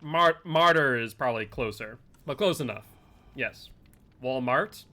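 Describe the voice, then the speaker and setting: A man's voice: medium pitch, lively intonation, measured pace, bright, forceful tone. A man streaming a horror game live, chatting casually with viewers and commenting on his play in a playful, teasing way. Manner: chatty, reads chat aloud, playful teasing.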